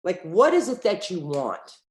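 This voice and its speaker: A middle-aged woman with a fairly low voice, recounting her business life as an interview guest. She tells stories with energy and acts out the back-and-forth in them, and her voice rings in a roomy, echoey space. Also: measured pace. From United States. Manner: lively storyteller who acts out quoted dialogue. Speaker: entrepreneur guest. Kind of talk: conversational interview. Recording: roomy echo.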